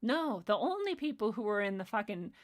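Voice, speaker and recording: A woman's voice: medium pitch, sing-song, fairly quick. A woman hosts her own stream and speaks straight into it. Her voice sits in a middle register. She rants in a heated, confrontational way, swearing freely and pressing her point home. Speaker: stream host. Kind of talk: unscripted ranting monologue.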